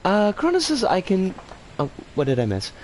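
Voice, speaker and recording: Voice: huge pitch swings, moderate pace, a little hiss or hum. A game streamer chatting casually over gameplay and greeting viewers by name. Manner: chatty, greets viewers warmly, swings pitch a lot. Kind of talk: casual live game commentary.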